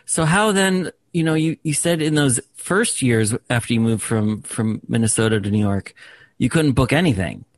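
A man's voice: mid-range voice, animated, normal speed. A man hosting a casual interview who stumbles a little as he works his way into questions. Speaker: interview host.

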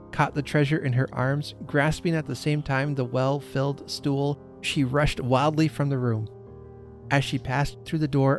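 Guy reading an old christmas story on his podcast, calm and expressive, faint music behind. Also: medium pitch. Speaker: podcast host.

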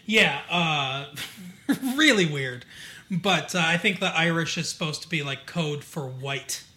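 A man's voice: fairly high pitch, lively intonation, unhurried, pushed and bright. A man from Michigan co-hosting a podcast, recapping a TV episode in a rambling, casual way full of fillers and asides. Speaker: podcast co-host.

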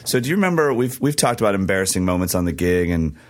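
Hoarse, excitable male co-host, fairly low voice, chatty storyteller. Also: quick pace. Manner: excitable storyteller, laughs often. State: hoarse, losing his voice. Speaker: podcast co-host. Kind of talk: casual chat.

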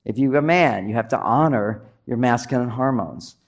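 An older man with a gravelly voice gives a lively comic talk about relationships. He acts out the quotes in his stories for a live audience. The pitch sits in an everyday middle range. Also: normal speed. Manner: animated storytelling, acts out quotes, audience laughter. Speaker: relationship author giving a talk. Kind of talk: comedic stage talk.

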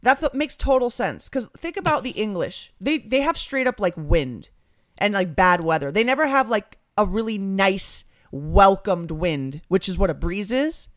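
Chatty, animated young woman co-host. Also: mid-range voice, normal speed, no room sound, studio quality. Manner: animated, chatty, many fillers. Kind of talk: casual chat.

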